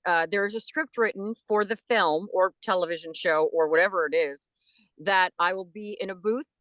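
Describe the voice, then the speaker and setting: A middle-aged actress, a guest on a video call interview, explaining her work in a casual, lively storytelling way. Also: medium pitch, dry recording.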